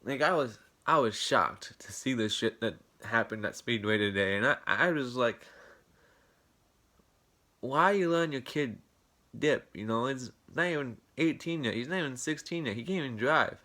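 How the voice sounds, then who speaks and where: Bright-voiced young man ranting. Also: mid-range voice, expressive, moderate pace, hardly any pauses. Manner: swearing, indignant, rambling retelling. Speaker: vlogger. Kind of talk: casual storytime rant.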